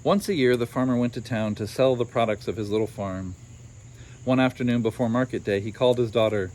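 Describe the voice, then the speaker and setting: A man's voice: mid-range voice, fairly quick, a little mellow, slight background noise. A man reading a children's story aloud, adding wry asides of his own.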